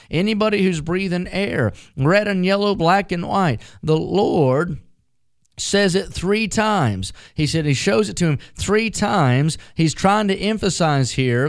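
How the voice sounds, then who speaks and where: A man's voice: high-pitched, dry recording, clean studio sound. A man preaching a radio sermon as pastor, folksy and emphatic, mixing jokes into the message.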